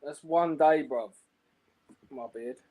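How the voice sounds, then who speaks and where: A man's voice: on the high side, takes it slowly, mellow, no echo. A man from South London with a South London accent, calling in on his phone, talking in a laid-back, slangy, mumbling way. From South London, England. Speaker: caller. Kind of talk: casual call-in chat.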